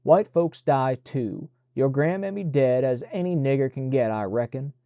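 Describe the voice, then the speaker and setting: A man reading the part of a sharp-tongued young servant woman who scolds and gossips, in a mellow, dry voice. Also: mid-range voice, animated, normal speed, dry recording, natural voice. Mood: sharp, scolding.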